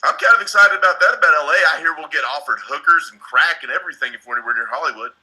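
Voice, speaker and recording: A man's voice: fairly high pitch, rapid-fire, bright, forceful tone, breathy edge, poor audio. A man in his thirties from Tennessee, a stand-up comic, chatting casually on a live stream, profane and rambling, often laughing.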